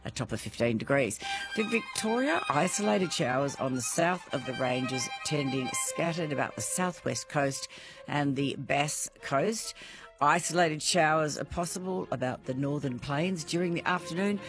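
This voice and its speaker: A woman's voice: deep voice, animated, normal speed, over music. An Australian woman hosting a radio show, chatting casually with callers and laughing easily. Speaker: radio host. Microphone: studio microphone.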